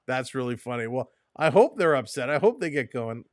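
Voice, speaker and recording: Casual male streamer, exasperated and grumbling, smooth voice, close dry mic. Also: mid-range voice, lively intonation, fairly quick, dry recording. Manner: frustrated, exasperated, talks to himself and chat. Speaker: live stream host. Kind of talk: casual live-stream chat.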